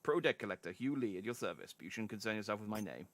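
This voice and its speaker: A man voicing a cold, greedy male debt collector, talking lower and quieter than his own voice in a stern, clipped, lecturing way. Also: animated, fast, dry recording, lightly acted.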